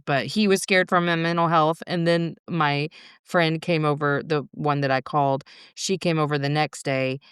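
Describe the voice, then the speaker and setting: A woman's voice: sits low, fairly even intonation, moderate pace, clean tone, dry recording, clean studio sound. A middle-aged woman talking as a podcast guest, telling her story frankly, swearing freely and laughing through hard moments. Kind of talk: candid conversational storytelling.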